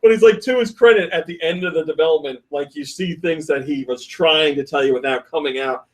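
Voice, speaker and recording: A man hosting a casual podcast, reading listener comments and retelling stories in an animated way, often laughing. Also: a little high, a little fast, distant mic. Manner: animated storytelling with frequent laughs; reads listener comments aloud. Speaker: podcast host.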